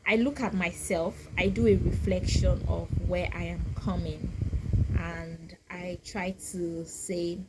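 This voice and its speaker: A woman speaks slowly and softly in a lowish voice, pausing often and circling back on her words as she reflects aloud for her viewers. Faint ambient noise sits under her casual vlog talk. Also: fairly even intonation. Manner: slow, soft-spoken, thoughtful, with many pauses and restarts. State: getting teary and emotional. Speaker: vlogger.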